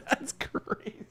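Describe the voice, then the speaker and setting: Young guy streamer reacting to his old stream, slow drawn-out talk, cussing and laughing. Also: no room sound. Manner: loud, swearing, bursting into laughter.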